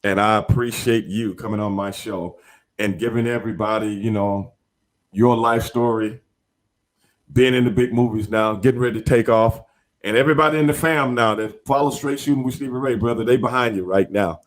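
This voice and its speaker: A man's voice: fairly low pitch, brisk. A man hosting a podcast in casual interview chat, talking in an emphatic, repetitive, slangy way. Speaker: podcast host.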